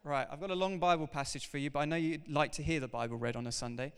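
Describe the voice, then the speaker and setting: A pastor delivers a sermon at a quick pace, animated and emphatic, his smooth, resonant voice pitched a little high for a man. A long reverb from a large hall makes his words ring out, and he addresses the congregation directly as he goes.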